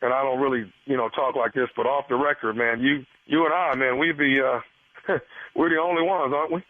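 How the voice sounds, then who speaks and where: Man doing a creepy stammering doctor, prank call, tinny phone line, middling pitch. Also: fairly even intonation, a little fast, dry recording, close to an everyday voice. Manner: hesitant, stammering, creepy insinuating. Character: smarmy male gynecologist prank caller. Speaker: radio prank caller.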